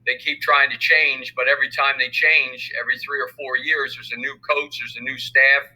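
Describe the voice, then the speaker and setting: An older man speaks as a football coach in an interview. His voice has a sharp, bright edge at a middle pitch, and he talks in a measured, thoughtful way. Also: little pitch movement, rough recording. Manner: measured, thoughtful, many fillers. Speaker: high school football coach. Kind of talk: interview conversation.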